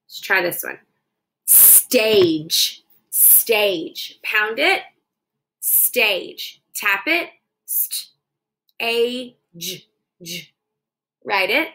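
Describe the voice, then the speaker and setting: A woman's voice: medium pitch, lively intonation, extremely slow, long pauses, sharp tone, poor audio. A young woman teaching children a phonics dictation lesson, sounding out words syllable by syllable into her phone.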